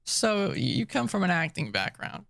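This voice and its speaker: A young man co-hosts a podcast about tabletop roleplaying, casually chatting and teasing his partner; he's easygoing and quick to laugh. His high-pitched voice is creaky and fairly bright, with big pitch swings, recorded in studio quality with no room sound.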